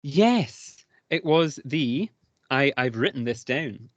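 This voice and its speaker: A British co-host from the United Kingdom chats casually on a podcast, rambling enthusiastically and laughing often. He speaks slowly in a mid-range voice with lively intonation, recorded lo-fi with no echo.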